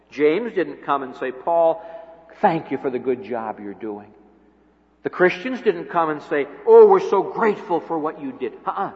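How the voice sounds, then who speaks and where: Emphatic preacher man in an echoing hall. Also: mid-range voice. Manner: swings from hushed to loud emphatic climaxes. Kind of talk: sermon. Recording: dull lo-fi audio with long hall reverb.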